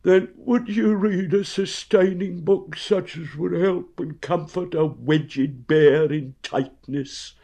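A man voicing an anxious, plump, food-loving male teddy bear in a storybook reading, with a high, plaintive, drawn-out voice. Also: wildly swooping pitch, a little mellow, husky, heavily acted. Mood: gloomy.

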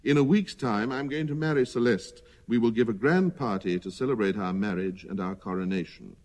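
Man as a gracious young elephant king, measured and polite, long hall reverb. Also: lowish voice, a little mellow, lightly acted.

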